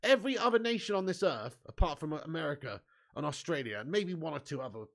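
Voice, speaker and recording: A high, gravelly man hosts a live football watch-along. His voice is bright and forceful. He commentates excitably, swears casually, and reads out viewer messages between the action. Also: fast talker. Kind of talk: live match commentary and chat reading.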